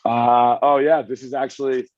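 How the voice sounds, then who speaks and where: A man's voice: mid-range voice, level tone, moderate pace, darkish tone, no room sound, highs cut off. A man as an interview guest, talking casually from home and rambling enthusiastically with frequent restarts. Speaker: magazine editor guest. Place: home with dog and wife nearby.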